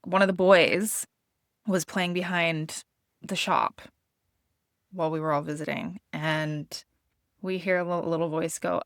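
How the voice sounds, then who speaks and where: Candid woman, low voice, dry close mic. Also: unhurried, no echo. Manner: candid, expressive, swears freely. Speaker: podcast host. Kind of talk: casual personal storytelling.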